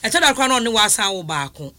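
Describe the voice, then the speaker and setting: A woman with a Ghanaian accent hosting a casual radio call-in show, chatty and quick to laugh, singing greetings to listeners. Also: medium pitch, sing-song, pushed and bright, no room sound.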